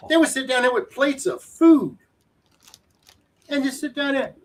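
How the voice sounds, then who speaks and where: High-voiced man telling anecdotes. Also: unhurried. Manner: chuckling, anecdotal. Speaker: podcast guest. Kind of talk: casual chat. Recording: faint background hiss.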